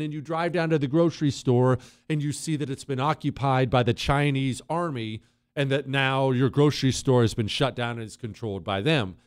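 A middle-aged man hosting a talk radio show, delivering an emphatic monologue with quick asides. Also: medium pitch, smooth, dry recording, clean studio sound. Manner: animated, emphatic, quick asides and put-on quoted voices.

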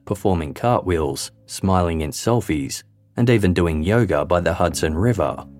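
A man giving scripted true-crime narration in a measured, even documentary delivery. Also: low-pitched. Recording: faint music bed underneath.

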